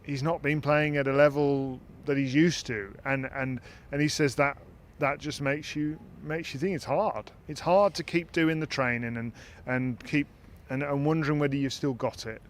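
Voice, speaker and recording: A man's voice: a little high, fairly even intonation, normal speed, few pauses, a little hiss or hum. A man hosting a podcast, talking things through in a casual, thoughtful way and often restarting his sentences as he searches for words. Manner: thoughtful, repeats words while searching for phrasing. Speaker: podcast host. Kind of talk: casual discussion.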